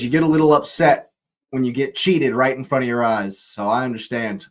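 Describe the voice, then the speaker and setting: A man's voice: mid-range voice, fairly quick, low-quality recording. A young man hosting a live football watch-along, ranting angrily at the referee, swearing and repeating himself.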